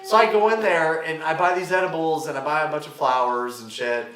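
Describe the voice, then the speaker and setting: A young man, a podcast guest, telling a story in casual chat, animated and swearing freely as he acts out what people said. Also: a little high, brisk, noisy background. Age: young adult. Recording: roomy, distant mic.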